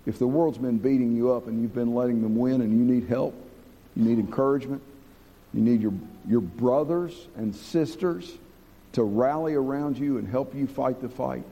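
A man preaching a sermon to a congregation, earnest, slowing down and dropping low to stress key points. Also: warm tone, big-room sound. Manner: earnest, slows and drops low for emphasis.

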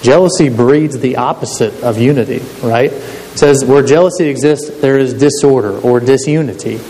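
A man preaches a sermon conversationally, often asking his listeners to agree with him. His voice is medium-pitched and warm at a normal speed, recorded with long hall reverb and faint hiss.

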